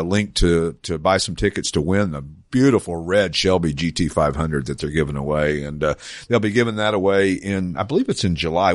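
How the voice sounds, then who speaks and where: A man hosting a car dealer's podcast in a relaxed, rambling way, chuckling often. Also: low-pitched, no room sound, studio quality. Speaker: podcast host. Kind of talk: casual radio-style podcast chat. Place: small studio.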